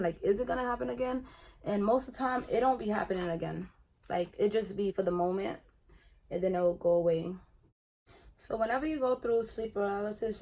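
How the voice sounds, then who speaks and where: Chatty young woman vlogging casually. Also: medium pitch. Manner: chatty and animated, retelling her own experience. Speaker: beauty vlogger. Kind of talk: casual get-ready-with-me chat.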